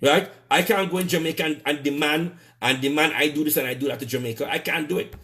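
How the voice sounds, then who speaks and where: A man's voice: on the high side, fast talker, bright, forceful tone. A man with a Trinidadian accent ranting on a live stream, heated and repetitive, stumbling over restarts and cursing. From Trinidad and Tobago. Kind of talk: angry live-stream rant.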